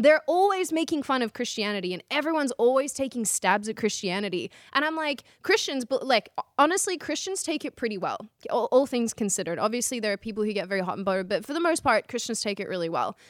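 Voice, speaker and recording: A woman's voice: a little high, sing-song, brisk, hardly any pauses, fairly bright tone, no echo, clean studio sound. A woman hosting a political talk show, rambling and opinionated in casual commentary. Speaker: host.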